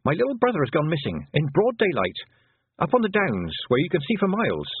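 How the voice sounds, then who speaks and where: A sharp, determined young girl, as a male reader voices her, lifted higher than his own voice and pressing her questions urgently. Her pitch jumps about in a lively way. The sound is dry and tinny, like a phone line. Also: a little fast, slightly rough.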